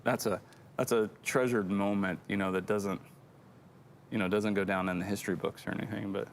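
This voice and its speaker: A man's voice: lowish voice, fairly even intonation, a little fast, vocal fry, slight background noise. A middle-aged man co-hosting a church show, telling a rambling, self-deprecating story in casual chat.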